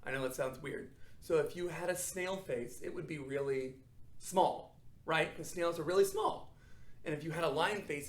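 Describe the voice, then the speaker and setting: A young adult man teaching children a drama warm-up, upbeat and encouraging, checking in often. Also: on the high side, fairly quick, roomy sound. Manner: upbeat, encouraging, frequent "okay?" check-ins. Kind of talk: guided acting warm-up for children.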